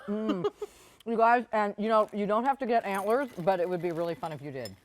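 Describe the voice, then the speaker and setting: A woman's voice: medium pitch, a little fast, no echo. Chatty woman hosting home shopping. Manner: chatty, talks while chewing and tasting. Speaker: shopping channel host. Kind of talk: live home shopping presentation. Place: TV studio kitchen set.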